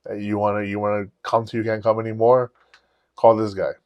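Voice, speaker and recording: A man's voice: lowish voice, flat delivery, a little fast, no echo, highs cut off. A man hosting a podcast, casually telling a long story with lots of swearing and acting out his own lines. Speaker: podcast host.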